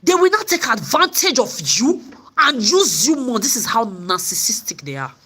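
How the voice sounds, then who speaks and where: A woman's voice: a little high, very animated, moderate pace, bright, forceful tone, slightly rough. A woman vlogger telling her story in an angry, profane rant, often repeating and stumbling over words. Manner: profane, repetitive stammering.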